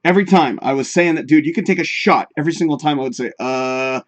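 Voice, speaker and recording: A man's voice: fairly high pitch, racing, muffled recording. A man hosting a live talk show in casual, rambling chat, swearing freely and talking straight to his viewers.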